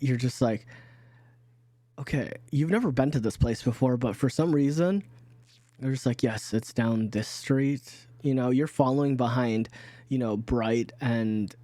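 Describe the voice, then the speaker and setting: A man running a tabletop game, rambling through the scene with frequent restarts. His voice sits at a middling pitch. The recording is dry and close. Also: warm tone, dry recording. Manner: rambling, many fillers and restarts. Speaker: game master.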